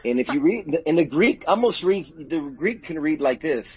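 A middle-aged pastor tells a personal story in an interview, speaking earnestly, emotionally and openly about hurt. His husky voice is a little high and animated, at normal speed. The dull lo-fi audio has no room sound.

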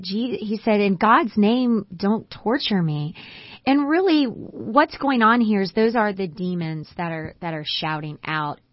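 A woman co-hosting a Bible discussion, an animated storyteller who acts out the quotes she tells. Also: medium pitch, no room sound, muffled recording. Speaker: co-host.

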